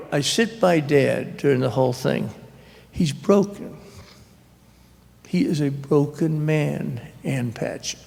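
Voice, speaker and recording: A man telling a long personal story at a public author talk, rambling and earnest, with halting restarts. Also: fairly high pitch, gravelly, a little mellow. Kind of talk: storytelling conversation. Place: public library event hall. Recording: long reverb from a hall.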